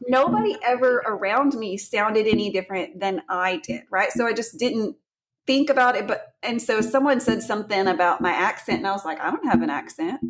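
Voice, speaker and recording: Southern lady podcast host, chatty, laughs a lot, medium-pitched voice. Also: brisk, poor audio. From Texas. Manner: chatty, laughs often, restarts sentences. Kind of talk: casual chat.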